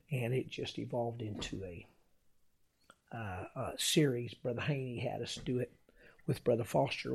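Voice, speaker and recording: A man preaching and teaching, telling of his ministry in an unhurried way with many filler sounds and reading old-style scripture aloud. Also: mid-range voice, creaky, husky. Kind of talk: sermon-style teaching with personal story.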